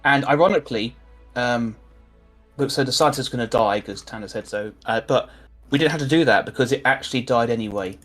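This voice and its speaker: A man's voice: medium pitch, fairly quick, fairly bright tone, faint music behind. A man with a mid-range voice recounts game events to fellow players over a voice call. He rambles and hesitates, full of ums and restarts. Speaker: player in a multiplayer game session. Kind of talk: casual group chat over voice call.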